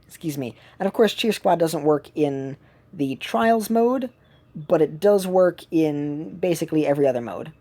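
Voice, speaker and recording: Low mellow-voiced woman chatting while she plays, lots of uhs, at home. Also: expressive, moderate pace. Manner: rambling, many fillers and restarts. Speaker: streamer. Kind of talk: casual gameplay commentary.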